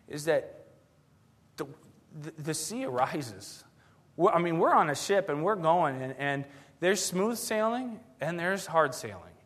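A man preaching a sermon to his church in a conversational, digressive way, swinging between loud and hushed. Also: high voice. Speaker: pastor.

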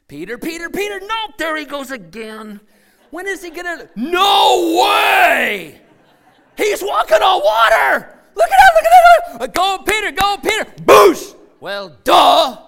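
A man acting out disciples in a boat, shouting, mocking and cheering as someone steps out onto the water. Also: extremely high pitch, sing-song, normal speed, hardly any pauses, pitched above the performer's own voice, exaggerated voice. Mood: mocking, excited.

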